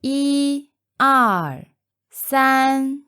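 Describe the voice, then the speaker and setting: Female pronunciation model, very slow and deliberate, lively tones, dry close mic. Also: high voice, no room sound. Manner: careful, deliberate enunciation, each phrase said twice. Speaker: native-speaker model for pronunciation. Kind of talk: slow repeated pronunciation examples.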